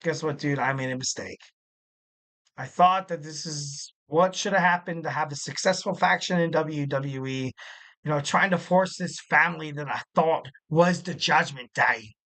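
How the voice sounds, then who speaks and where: A man doing a deliberately bad Scottish or Irish accent as a male wrestler owning up to a mistake. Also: sharp tone. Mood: regretful. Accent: Scottish or Irish, put on badly. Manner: mock-regretful impression, deeper than his own voice.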